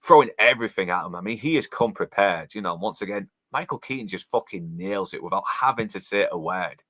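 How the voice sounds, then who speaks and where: A man's voice: low voice, expressive, a little fast, a bit bright, no echo. A man in a casual watch-along chat, enthusiastic and swearing a lot as he narrates the scene on screen.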